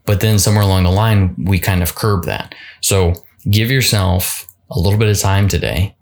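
Deep-voiced man giving casual motivational talk. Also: normal speed, vocal fry. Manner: casual and conversational, restarts and repeats words. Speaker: podcast host. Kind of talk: solo motivational podcast monologue.

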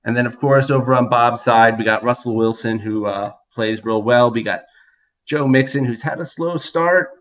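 A man hosting a podcast, briskly steering the casual chat along. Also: mid-range voice, fairly bright tone, lo-fi sound. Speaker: podcast host.

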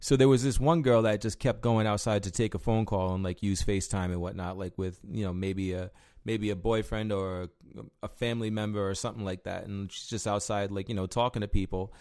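A man's voice: on the low side, steady tone, brisk, hardly any pauses, darkish tone, smooth. Rambling, cussing man telling bar stories. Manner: rambling storyteller, heavy filler words, swears freely. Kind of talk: casual chat.

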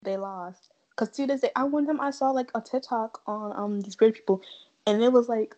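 A woman's voice: on the high side, normal speed, dark tone, dull audio. A young American woman on a casual podcast, blunt, opinionated and laid-back. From United States. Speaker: podcast co-host.

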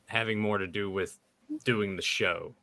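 A man co-hosting a casual podcast, talking in an easygoing, slightly halting way. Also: fairly low pitch, steady tone, pushed and bright. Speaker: podcast co-host.

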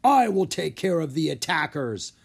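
A man plays a towering ice giant from a storybook, booming and domineering. He speaks slowly and with menace, pushed up and out in a loud, commanding voice. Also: sing-song, gravelly, husky, exaggerated voice. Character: huge angry male ice giant, domineering.

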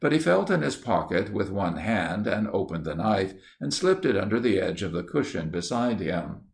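Gravelly low-voiced man reading a story. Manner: steady measured reading, lifting for dialogue. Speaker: narrator. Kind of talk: storybook narration.

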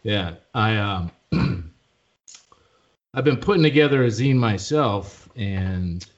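Chicago-accented man, podcast guest, low voice, relaxed, dull lo-fi audio. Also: slow. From Chicago, US Midwest. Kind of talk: casual chat.

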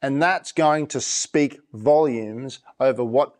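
A man's voice: medium pitch, slow, darkish tone. A male pastor giving a sermon in a conversational preaching manner, often repeating and restarting his phrases.

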